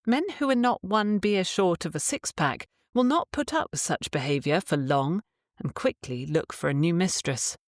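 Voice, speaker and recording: A woman narrating an instructional audiobook in a calm, measured reading style. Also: fairly low pitch, no room sound, studio quality.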